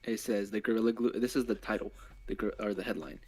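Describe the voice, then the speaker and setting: Low-voiced man reading news. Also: steady tone, fast, darkish tone, breathy edge, poor audio. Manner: reads quotes aloud, offhand comments. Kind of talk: casual chat, reading news aloud.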